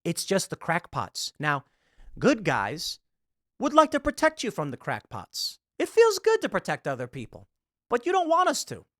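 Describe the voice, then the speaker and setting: A man in his thirties hosts a commentary show, ranting sarcastically about politics and scoffing at an article as he reads it aloud. His fairly high, a bit bright voice swoops wildly up and down in pitch at normal speed, and the sound is dry and close with no room echo.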